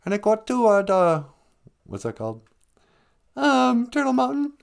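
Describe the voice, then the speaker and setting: A man putting on the voice of an adult man who talks very high in a sing-song way, chirpy and drawn out. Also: huge pitch swings, measured pace, vocal fry, exaggerated voice. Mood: cheery.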